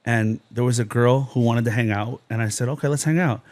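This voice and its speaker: A man's voice: medium pitch, a little fast, darkish tone. A man from New Jersey, a podcast guest, telling his life story in an intense, rambling way, full of "you know" and "like". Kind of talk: personal testimony in a podcast interview.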